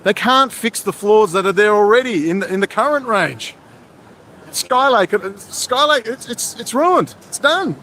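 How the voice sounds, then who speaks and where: A man's voice: high-pitched, lively intonation, unhurried, bright, forceful tone, slight background noise. A man giving a heated, sarcastic livestream monologue while out in a city, jumping from topic to topic. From Australia. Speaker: livestream host. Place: outdoors in a city, walking.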